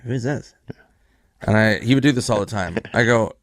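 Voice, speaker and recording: A man's voice: on the low side, quick pace, a bit bright, no room sound, clean studio sound. A male comedian telling a casual, rambling story in an interview, swearing freely.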